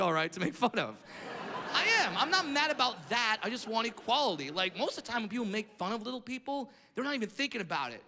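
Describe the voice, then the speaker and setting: Man, stand-up comedian, high voice, brash profane rants, echoey hall, audience noise. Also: vocal fry, bright, forceful tone. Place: comedy stage.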